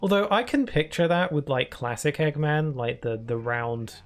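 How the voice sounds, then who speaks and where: A man's voice: on the high side, expressive, moderate pace. A man chatting casually while live-streaming a game, rambling on with many fillers at a desk microphone.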